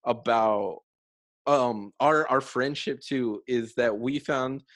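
A man's voice: medium pitch, slow pace, fairly bright tone, dry recording. Chatty young man, dry close sound. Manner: chatty, laughs often, many fillers. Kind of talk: casual conversation.

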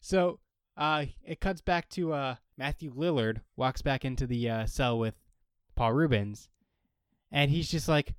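A man's voice: medium pitch, unhurried, smooth, dry recording, studio quality. A man co-hosting a casual chat, recapping a TV episode and acting out the characters' lines. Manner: animated, acts out characters' lines. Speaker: podcast co-host.

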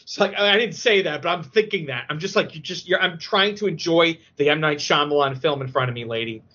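A man chatting on a podcast, an emotional, excitable storyteller who talks with many fillers. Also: fairly high pitch, fairly quick. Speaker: podcast guest. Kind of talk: casual podcast chat. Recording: dull lo-fi audio.

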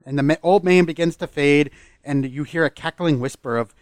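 A man's voice: a little high, fairly quick, dry recording, clean studio sound. A man co-hosting a podcast, narrating a tabletop scene in a storyteller's pace and laughing between lines. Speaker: podcast co-host and game master.

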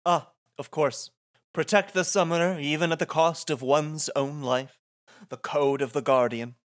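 A podcast host reading aloud the lines of a creepy villainous priest-lord from a game script, in a measured, theatrical way. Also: medium pitch, steady tone, close to an everyday voice. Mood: menacing.

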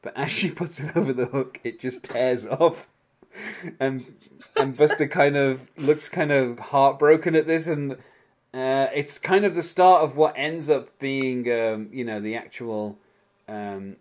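A man's voice: medium pitch, unhurried, darkish tone. A man hosting a casual podcast chat, rambling and hedging a lot, often breaking into small laughs.

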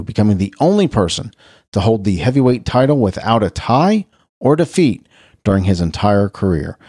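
A man's voice: medium pitch, darkish tone, slightly rough, no echo, studio quality. A middle-aged man hosting a radio show, chatting casually through a rundown of birthdays and history, rambling and correcting himself as he goes. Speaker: radio host.

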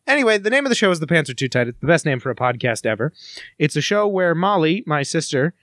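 Playful man with a higher voice. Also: big pitch swings, quick pace, a bit bright, no echo, clean studio sound. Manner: jokey, theatrical, drops into mock-dramatic voices. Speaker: podcast co-host. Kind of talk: casual comedic chat.

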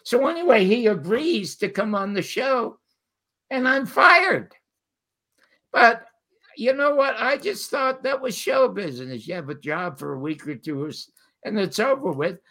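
An older man telling animated stories as a guest, quoting the people in them. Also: high voice, normal speed. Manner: animated storyteller quoting others. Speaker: guest storyteller. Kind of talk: casual interview anecdotes.

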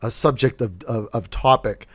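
Guy cohosting a podcast, loud goofy rants, casual chat. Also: mid-range voice, normal speed, breathy edge. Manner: loud and animated, jokey rants. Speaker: podcast co-host.

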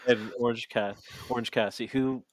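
A man's voice: mid-range voice, steady tone, brisk, no room sound. A man co-hosting a podcast in casual chat, swearing freely and rambling with lots of fillers. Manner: profane, rambling with many fillers. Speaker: podcast co-host.

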